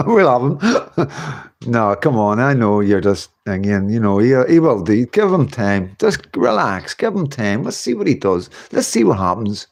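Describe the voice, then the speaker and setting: A man's voice: on the low side, big pitch swings, normal speed, gravelly. A man, hosting a casual livestream from home, chatting and reading out viewer comments in a rambling way with frequent laughs. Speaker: livestream host.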